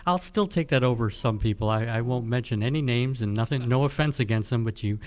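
A man's voice: medium pitch, brisk, a little mellow. A man hosting a casual music interview, giving short encouraging replies and laughing often. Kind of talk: casual chat.

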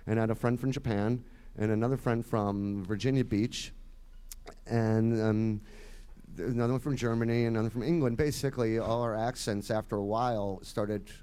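Michigan guy in his 50s, bit nasal, lowish voice, rambles on and trails off soft. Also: steady tone, moderate pace, clear, resonant tone. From Detroit area, Michigan. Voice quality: slightly nasal. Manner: rambling, chatty, trails off quietly. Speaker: musician guest. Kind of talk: casual chat.

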